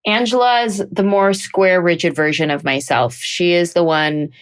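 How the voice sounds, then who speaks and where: A woman comedian talking in an interview, animated and slipping into playful put-on voices. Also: fairly low pitch, moderate pace, smooth. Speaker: comedian guest. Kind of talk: conversational interview.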